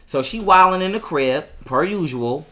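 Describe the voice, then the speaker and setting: High-voiced man telling a heated story. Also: animated, normal speed, a bit bright. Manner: heated, profane, quotes his own arguments. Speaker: interview guest. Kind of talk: casual storytelling interview.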